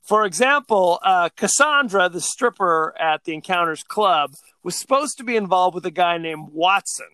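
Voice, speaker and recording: A man with a high, bright and smooth voice co-hosts a podcast in loose casual chat. He rambles along, filling gaps with "uh" and "um". He is recorded close and dry, with no room sound. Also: lively intonation, moderate pace, few pauses, no room sound. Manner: rambling, chatty, with frequent fillers. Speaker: podcast co-host.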